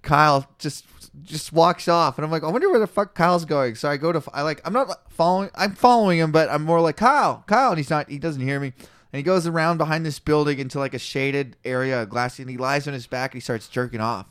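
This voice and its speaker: Podcast co-host, male, fairly high voice, close dry mic, loose storyteller who reads passages aloud. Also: steady tone, fast talker, clear, resonant tone, dry recording. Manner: storytelling, acts out quoted voices loudly. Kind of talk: casual podcast chat and Bible reading.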